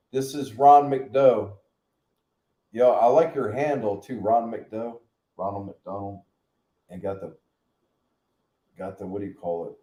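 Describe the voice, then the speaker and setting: Joking slangy man in an echoey room. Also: medium pitch. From United States. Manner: animated, joking, slangy, with loud whoops. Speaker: vlog live stream host. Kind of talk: casual live-stream chat.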